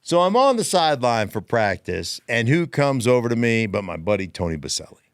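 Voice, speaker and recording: Male podcast host, middle-aged, animated storyteller, swinging pitch, dry studio. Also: fairly quick, no echo. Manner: animated storyteller, emphatic repetition. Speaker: podcast host, former player and analyst. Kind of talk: casual sports podcast chat.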